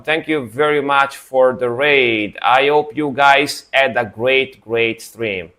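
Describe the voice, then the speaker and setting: A man's voice: mid-range voice, takes it slowly, few pauses, sharp tone. Sleepy laid-back male streamer. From Italy. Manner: laid-back, rambling, talks to chat. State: sleepy after a nap. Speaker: streamer reacting to music. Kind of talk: casual live-stream chat.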